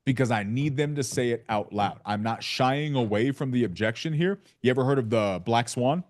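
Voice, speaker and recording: A male sales coach leading a live training session with an emphatic, playful delivery. He acts out his side of sales calls as he teaches. His voice sits in an ordinary middle pitch. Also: normal speed, darkish tone. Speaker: real estate sales coach.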